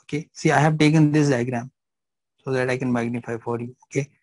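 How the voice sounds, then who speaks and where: A man's voice: mid-range voice, steady tone, fairly quick, a little mellow, no echo, low-quality recording. A man teaching a live physiology class, repeating phrases and checking that students understand.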